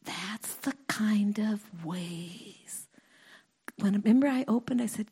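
Hushed, husky woman preaching. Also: mid-range voice. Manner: slow, hushed and earnest, often dropping to a whisper. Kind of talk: sermon with prayer. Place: church hall before a congregation.

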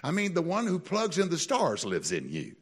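A gravelly man preaching with a lively, swooping voice. He tells stories with animated energy and climbs to high, excited peaks. His voice sounds slightly husky. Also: normal speed. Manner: animated storytelling, builds to high excited peaks, laughs often. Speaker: pastor. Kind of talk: sermon.

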